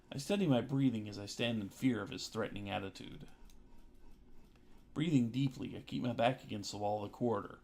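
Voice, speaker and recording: A man's voice: fairly low pitch, darkish tone. A man streaming, reading a visual novel aloud with dry joking asides, with music behind.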